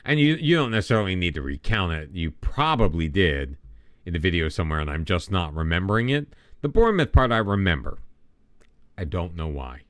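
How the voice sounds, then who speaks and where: A middle-aged man chatting casually on a live game stream, with a low voice that swings widely up and down. He rambles in a self-deprecating way and restarts his sentences often. The sound is dry and close. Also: big pitch swings, brisk, no room sound. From United States.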